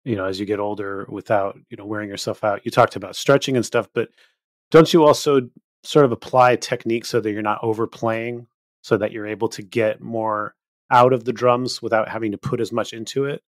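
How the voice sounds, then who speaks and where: A man hosting a podcast, asking questions in a halting way while searching for words. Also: fairly low pitch, fairly even intonation, dry recording, clean studio sound. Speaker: podcast host. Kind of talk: interview questions.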